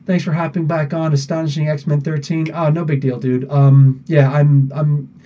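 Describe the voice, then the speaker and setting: A man's voice: on the high side, flat delivery, normal speed, distant mic, dull audio. A man hosting a live podcast, chatting loosely, laughing often and using many fillers. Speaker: podcast host answering live chat. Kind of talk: casual live-stream chat.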